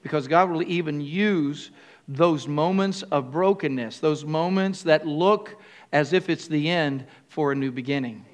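Older man, pastor, high voice, sermon, halting, calls for answers from the congregation. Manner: call-and-response with the congregation; halting, with restarts and fillers.

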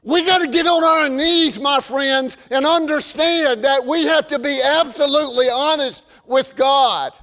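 A man with a Southern US accent preaching a fervent sermon, shifting between shouted warnings and folksy storytelling. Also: very high-pitched, unhurried, few pauses, long reverb tail. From American South.

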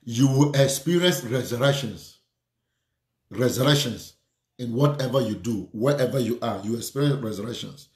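A man's voice: medium pitch, moderate pace, reverberant. A man preaching a sermon, fervent and repetitive, speaking declarations and prayer over his listeners.

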